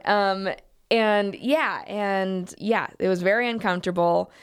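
A young woman chats on a podcast, telling a workplace story. She rambles with fillers and slips into quoted voices along the way. Her pitch sits in an ordinary middle range. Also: unhurried, smooth. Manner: animated storytelling with acted quotes, frequent fillers. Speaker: podcast co-host. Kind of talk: casual storytelling chat.

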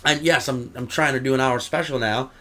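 A man's voice: medium pitch, fairly quick. A man, a comedian, chatting casually as an interview guest, rambling and swearing freely. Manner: profane, rambling, animated. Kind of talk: casual chat.

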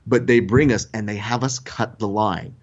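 A man's voice: lowish voice, moderate pace, highs cut off. Man animatedly telling a funny story. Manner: animated, acts out quoted voices. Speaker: podcast host telling a story. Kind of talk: casual storytelling chat.

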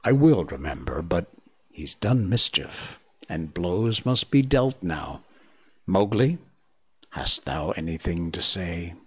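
A man's voice: deep voice, sing-song, takes it slowly, a bit bright, husky, exaggerated voice. Man voicing a stern, proud black panther. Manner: stern, formal.

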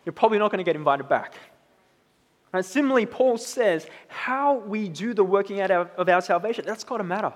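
High-voiced preacher in a reverberant hall. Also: male voice, fairly quick. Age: 30s. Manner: conversational, tag questions like "right?". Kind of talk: sermon.

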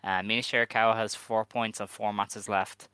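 A man co-hosting a casual podcast, reading out standings in a measured, dry way. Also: fairly low pitch, flat delivery, sharp tone, smooth, no room sound. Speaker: podcast co-host.

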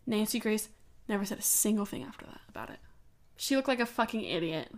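A woman's voice: medium pitch, expressive, a little fast. A young woman co-hosting a true-crime podcast, talking casually and with strong opinions, laughing often and swearing. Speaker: podcast co-host.

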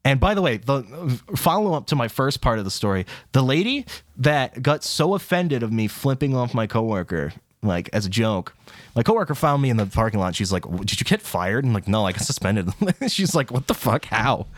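In a sing-song, fairly quick voice, a young college student co-hosting a podcast tells a long, rambling story. He swears, laughs, and goes high-pitched for quotes during the casual chat, recorded dry with clean studio sound.

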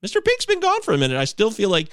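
A man's voice: high voice, huge pitch swings, rapid-fire, a bit bright, clean tone, no room sound, studio quality. A man hosting a casual podcast, joking with his co-hosts and reading listener emails aloud, stumbling over words now and then. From Michigan. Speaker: podcast host.

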